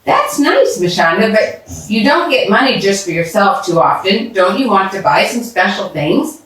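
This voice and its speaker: A woman voicing a kind adult neighbor who speaks gently and encouragingly, recorded in an echoey room from a distance. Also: medium pitch, very animated, normal speed. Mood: gentle. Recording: roomy echo from a distance.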